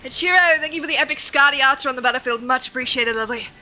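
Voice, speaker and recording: A woman streaming a video game, chatting to her viewers, excitable and swearing often, with frequent laughs. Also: high voice, racing, slight background noise, rough recording. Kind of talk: live-stream chat while gaming.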